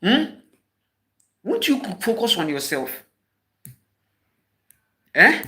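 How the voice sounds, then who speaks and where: A man's voice: high-pitched, sing-song, very slow. Scolding Ghanaian man, fiery rhetorical questions. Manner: scolding, emphatic, repeats sharp rhetorical questions. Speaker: spiritual teacher. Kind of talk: impassioned spoken address.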